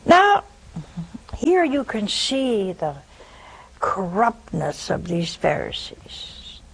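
A woman delivers a broadcast sermon in an unhurried, slightly breathy voice. Her pitch rises and falls widely as she tells folksy, teasing stories to her listeners. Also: big pitch swings, low-quality recording. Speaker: preacher.

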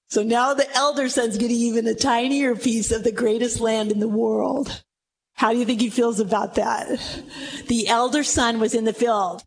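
A middle-aged woman with a high voice preaches to a room full of listeners. She tells the story with animation and acts out each person in it, in sermon style. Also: slight background noise, poor audio. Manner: animated storytelling, acting out the quoted speakers. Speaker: Bible teacher. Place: room with a live audience.

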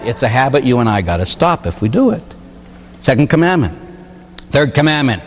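Animated joking priest preaching. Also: male voice, mid-range voice, brisk. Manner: animated, joking, full of rhetorical questions. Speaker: Catholic priest. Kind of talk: sermon. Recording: long reverb of a large hall.

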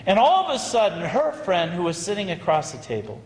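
A male priest preaches, spinning a story with lively, dramatic pauses. His fairly high voice rings out through a big hall, with a long, echoing reverb trailing behind each phrase. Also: a little hiss or hum. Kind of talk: sermon storytelling.

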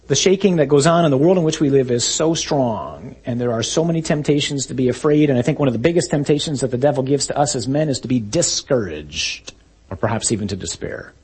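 A man preaching a sermon, retelling a story vividly and acting out shouted lines. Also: mid-range voice, expressive, a little fast, breathy edge.

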